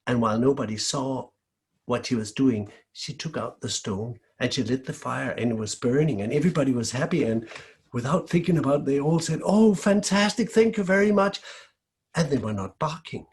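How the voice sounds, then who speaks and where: A man from Denmark telling a folk tale aloud in a lively, expressive way. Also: mid-range voice, a little fast. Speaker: storyteller. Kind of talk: oral folk-tale storytelling.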